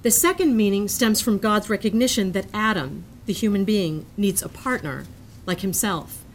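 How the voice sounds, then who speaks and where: A woman reading a prepared lecture aloud in a measured, earnest manner, sometimes breaking off into self-amused asides. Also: medium pitch, animated, a little hiss or hum.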